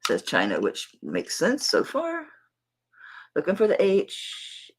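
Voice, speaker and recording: Hosting a live jewelry auction, a middle-aged woman with a Southern drawl chats casually and affectionately with her viewers. Her medium-pitched voice is slow, with a breathy edge and huge pitch swings. It comes through on a rough recording.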